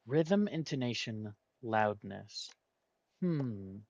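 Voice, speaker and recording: A man's voice: mid-range voice, lively intonation, drawn-out words, gravelly, darkish tone, lo-fi sound. A man hosting a gaming video, thinking aloud and muttering guesses as he works through a word puzzle. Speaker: gaming channel host. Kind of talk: casual puzzle-solving commentary.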